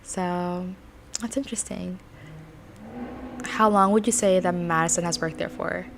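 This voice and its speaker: A woman's voice: on the low side, fairly even intonation, unhurried, gravelly, slight background noise. A woman co-hosting a podcast, chatting casually with fillers and frequent laughs as she reads through scripts. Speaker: podcast co-host.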